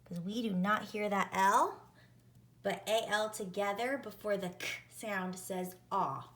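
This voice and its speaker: A woman teacher leading an early-reading spelling lesson, sounding out words and letters deliberately. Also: medium pitch, fairly even intonation, fairly bright tone.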